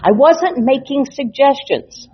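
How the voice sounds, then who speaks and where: A woman instructor teaching a hypnotherapy class, telling client stories in an animated, playful way. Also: high voice, slow. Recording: dull lo-fi recording.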